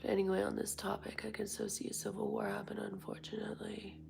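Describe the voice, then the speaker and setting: A young woman hosting a casual livestream, hoarse, congested and tired from the flu. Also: medium pitch, monotone, a little mellow, slight background noise. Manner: slow, drowsy talk, reading chat aloud. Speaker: livestream host.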